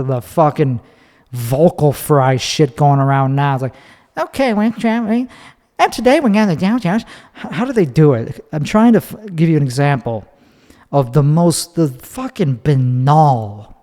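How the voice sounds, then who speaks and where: A man hosts his own podcast alone, talking on his feet in a loose, profane, opinionated ramble. His voice sits a little high for a man. The sound carries a long reverberant tail. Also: a little mellow. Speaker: podcast host. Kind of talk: solo podcast monologue. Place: recorded standing up.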